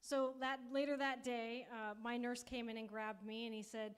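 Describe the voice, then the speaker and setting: Young adult woman, conference speaker; slightly high, laughs easily, casual and wry. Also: little pitch movement, normal speed, smooth. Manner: light, joking, laughs as she talks. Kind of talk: personal testimony talk.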